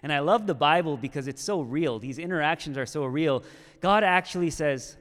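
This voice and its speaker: Preacher in a reverberant hall. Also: male voice, fairly high pitch, normal speed, a bit bright. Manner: conversational, with frequent "okay?" and "right?" check-ins. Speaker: pastor. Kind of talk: sermon.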